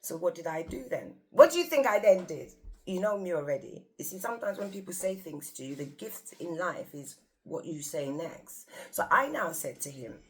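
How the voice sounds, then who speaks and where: Woman, low-pitched, casual storytelling, exclamatory, talks straight to viewers. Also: lively intonation, normal speed. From England. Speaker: vlogger.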